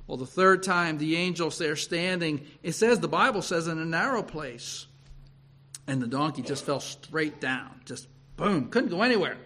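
A male preacher retelling a story in an animated sermon, often repeating himself and restarting. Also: a little high, normal speed.

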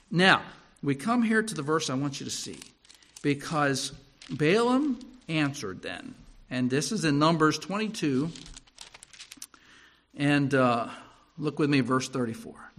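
A male preacher retelling a story in an animated sermon, often repeating himself and restarting. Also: medium pitch, a little slow.

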